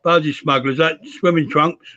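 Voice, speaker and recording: An English man being interviewed as a guest over a video call, good-humoured and gravelly, chuckling often. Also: fairly high pitch, steady tone, fairly quick, pushed and bright, dull audio. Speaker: interview guest, wrestler and promoter. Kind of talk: casual interview chat.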